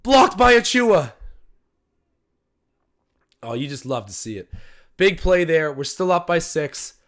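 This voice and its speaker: Young guy streaming a watch-along, casual commentary, yells when stuff happens. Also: fairly high pitch, normal speed. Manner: excitable, talks to chat, bursts of loud cheering. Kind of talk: casual live game commentary.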